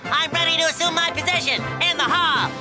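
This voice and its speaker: A man's voice: very high-pitched, a little fast. A man voicing an eager cartoon sponge playing a dutiful hall monitor. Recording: cartoon audio over loud music.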